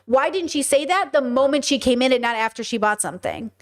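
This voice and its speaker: A woman in her thirties hosting a live stream, chatting with viewers in an animated way full of rhetorical questions. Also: high voice, brisk. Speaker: streamer and podcast host. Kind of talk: casual live-stream commentary.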